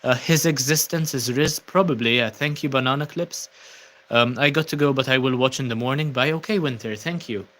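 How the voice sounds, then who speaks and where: A man's voice: medium pitch, a little fast. Young Maltese man chatting on a livestream. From Malta. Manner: relaxed, many ums and uhs, thanking viewers. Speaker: livestream host. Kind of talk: casual livestream chat reading comments.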